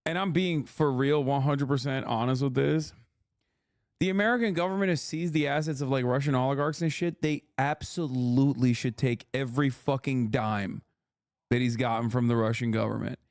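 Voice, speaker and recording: A man's voice: medium pitch, moderate pace, darkish tone, no echo, clean studio sound. A male streamer reacting to a clip, mocking and heated, swearing often. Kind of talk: profane, sarcastic streamer commentary.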